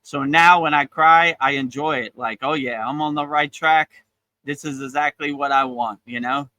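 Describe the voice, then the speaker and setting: A man giving a casual spiritual talk as a teacher, relaxed and encouraging, often repeating his phrases. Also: on the high side, moderate pace, no room sound, low-quality recording. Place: outdoors on a beach.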